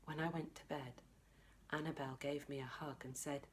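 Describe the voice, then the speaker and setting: A woman reading a children's book aloud as a librarian, expressive, dropping to a whisper for tense moments. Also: low voice, normal speed. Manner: expressive, drops to whispers for tension. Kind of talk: children's storybook read-aloud.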